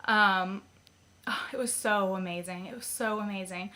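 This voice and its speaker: A woman's voice: medium pitch, fairly even intonation, normal speed, sharp tone. A young woman chatting casually in a vlog, giggling often and filling her talk with ums and likes. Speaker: vlogger.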